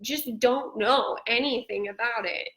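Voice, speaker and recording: High bright-voiced woman hosting. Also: a little slow, poor audio. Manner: laughs often, chatty, uses 'like' a lot. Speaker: host. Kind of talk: casual chat on a live stream.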